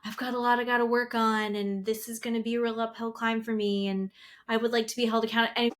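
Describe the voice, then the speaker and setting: Podcast co-host: gossipy woman in her thirties, slightly high pitch, acts out the people she quotes. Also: little pitch movement, fast talker. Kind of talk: casual recap chat.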